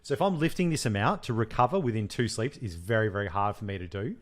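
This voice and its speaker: Talking fast in a lowish voice, a young man co-hosts a podcast with casual, blunt chat. He swears freely, tells stories animatedly, and teases his co-host.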